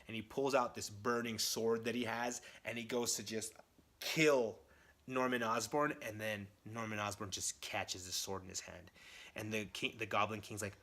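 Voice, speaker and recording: Enthusiastic young comic fan. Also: male voice, on the low side, steady tone, moderate pace, pushed and bright. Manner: enthusiastic, rambling with fillers. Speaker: comic book reviewer. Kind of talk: casual comic review vlog.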